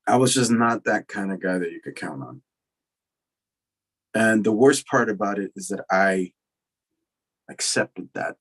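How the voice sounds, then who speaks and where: A man giving a casual, profane recovery talk, telling his story with animated acted-out quotes. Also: on the low side, rough recording. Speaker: recovery lecture speaker.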